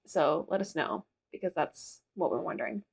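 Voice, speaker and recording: A young woman co-hosting a podcast in casual chat, animated and laughing through her stories. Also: sits low, normal speed, gravelly, breathy edge. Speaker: podcast co-host.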